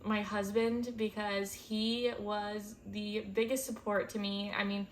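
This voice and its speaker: A woman's voice: medium pitch, level tone, takes it slowly, a little hiss or hum. A woman in her twenties, a first-time mom, talking candidly and emotionally to camera in a chatty way with lots of "like" and "um". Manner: candid, emotional, close to tears at times; chatty, many fillers like "like" and "um". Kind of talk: casual talk to camera.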